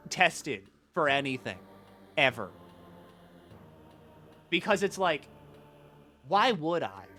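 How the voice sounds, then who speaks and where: A man's voice: a little high, pushed and bright, a little hiss or hum. A young man streaming, chatting casually and rambling in jokes with many filler words.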